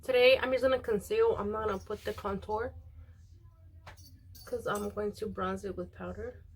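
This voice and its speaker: A young woman chats casually while she does her makeup. She rambles with plenty of ums and likes and keeps slipping into quoting other people. Her pitch sits at an ordinary middle height. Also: steady tone, moderate pace, husky. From Mexican. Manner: rambling, many fillers, quotes others. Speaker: beauty vlogger.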